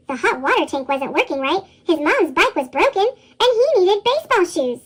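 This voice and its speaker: A woman reads a children's storybook aloud with lively expression. Her voice runs through a chipmunk pitch shift, very high and bouncy, with a wide, sing-song swing. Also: normal speed, few pauses, a little hiss or hum. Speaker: storybook reader.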